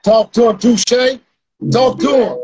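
A man's voice: very high-pitched, steady tone, slow, a little mellow. A man hosting a podcast, talking bluntly and profanely, speaking straight to his listeners. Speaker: podcast host. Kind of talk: casual podcast rant.

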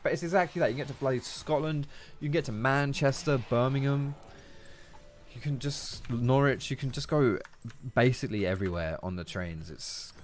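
This gaming streamer, a young man with an English accent, talks fairly quickly in a mid-range voice. He rambles in casual chat as he plays and reads messages from viewers.

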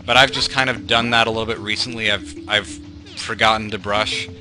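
A man's voice: fairly low pitch, fairly even intonation, a little fast. A young man giving meandering, self-deprecating commentary over gameplay, full of fillers and tangents. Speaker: let's play commentator. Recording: game music playing behind. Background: game music.

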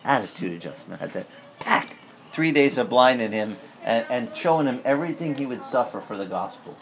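A male pastor delivering a sermon in a loose, conversational manner, voice sitting at an ordinary middle pitch. He slips into animated acted-out prayers now and then. There's a faint hiss under the recording. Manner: conversational and candid, with sudden lively acted asides in prayer.

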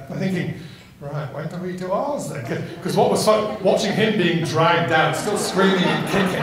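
Bloke doing a comic story onstage, high voice, chatty, laughs a lot, big echoey hall. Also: male voice. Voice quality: chatty, laughs often, throws in quick asides. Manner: brings the audience into the story. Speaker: storyteller performing a one-man show. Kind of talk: comic storytelling to a live audience. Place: small hall with an audience.

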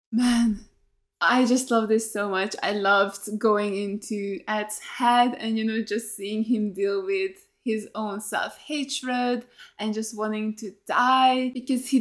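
A woman's voice: a little high, a bit bright. A woman doing casual reaction commentary on a TV episode, gushing and effusive and swearing often. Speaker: reaction video creator.

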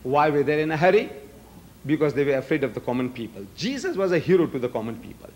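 A man's voice: a little high, sing-song, quick pace, a little mellow. An older man with a South African accent giving a public debate speech, asking rhetorical questions and acting out both sides of an argument.

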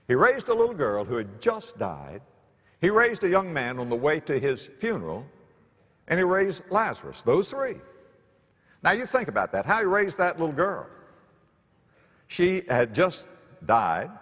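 A male preacher telling stories from the pulpit, his voice leaping from hushed lows to ringing highs. Behind him is the long reverb of a large church sanctuary. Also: moderate pace, long pauses. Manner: animated, dramatic swings in pitch and loudness. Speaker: pastor. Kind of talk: storytelling sermon.

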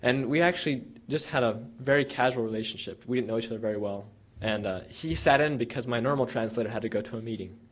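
Speaking fast at medium pitch with hardly a pause, this young former field researcher shares an anecdote with students in a casual, rambling way, full of restarts and fillers. He livens up whenever he recounts what people said, and the audio has a dull, lo-fi quality.

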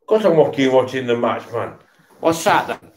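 A tipsy man, buzzed on beer, rants casually while watching football, swearing, repeating himself and stammering as he restarts his sentences. His mid-range voice is expressive and moves at a moderate pace, and the room sounds echoey.

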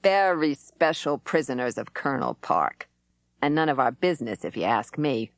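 A woman's voice: rumbling low, big pitch swings, normal speed, dry recording, heavily acted. A woman reading an audiobook, voicing a surly male prison guard who growls his lines. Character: gruff middle-aged male prison guard.

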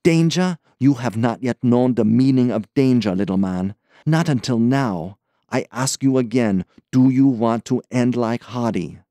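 A man's voice: medium pitch, unhurried, dry recording, studio quality, lightly acted. A man voicing a scornful young man with a foreign accent, urging and mocking in a conspiratorial audiobook scene. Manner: mocking, urgent, forceful.

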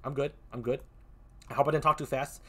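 A man hosting a comedic presentation game, excitable and rambling, tripping over his words. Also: mid-range voice, a little fast.

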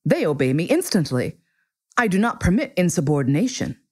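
A woman's voice: lowish voice, very animated, fairly quick, husky. A woman voicing a proud, commanding male king in a storybook reading, speaking in formal, pompous decrees. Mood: imperious. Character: proud, commanding male king who gives grand orders.

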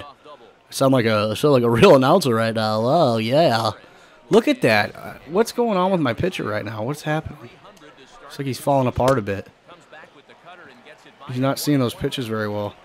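Hoarse man yelling at a baseball game. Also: medium pitch, normal speed, long pauses. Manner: excitable, swears and yells at the game. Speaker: gaming channel host. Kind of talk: casual gameplay commentary.

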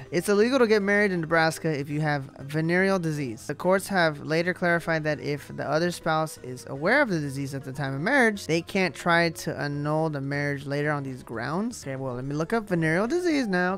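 A man's voice: on the high side, fairly quick, fairly bright tone, soft background music. A man from California hosting a video, reacting to odd laws with joking, incredulous casual commentary aimed at his viewers. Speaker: YouTube host.

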